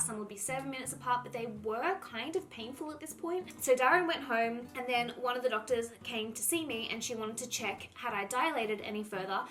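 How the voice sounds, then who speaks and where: A woman's voice: fairly high pitch, fairly bright tone. A young woman, casually telling a personal story to her viewers and filling her speech with "like". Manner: chatty, heavy use of "like", acts out her own past lines. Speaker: vlogger.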